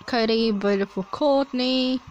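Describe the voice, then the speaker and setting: A young woman chatting casually as she reads out results from a simulation game, with frequent excited exclamations. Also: fairly high pitch, slow, highs cut off, a little hiss or hum. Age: young adult. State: coughing at times. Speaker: player reading a simulator. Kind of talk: casual play-along commentary.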